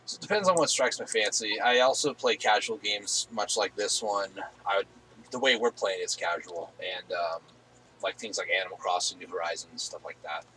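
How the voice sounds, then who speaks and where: A man's voice: lowish voice, moderate pace, pushed and bright, slight background noise, poor audio. A man hosting a casual gaming stream from home on a headset, rambling easily with lots of fillers. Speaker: streamer host.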